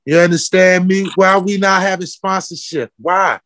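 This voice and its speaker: Man, fiery, preaching, fairly high voice, dry close sound. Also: steady tone, normal speed, fairly bright tone, dry recording. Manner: fiery, preaching, calls people out with repeated questions. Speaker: footwear company founder. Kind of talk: passionate interview talk.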